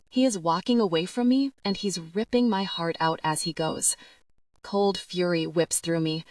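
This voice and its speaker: Low-voiced woman narrating a romance audiobook. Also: no room sound.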